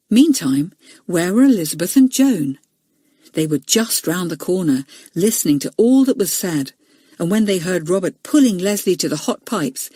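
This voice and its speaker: Woman audiobook narrator: warm, expressive, lively storybook delivery. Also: fairly low pitch, slightly rough, dry recording, studio quality. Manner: expressive, voices each character.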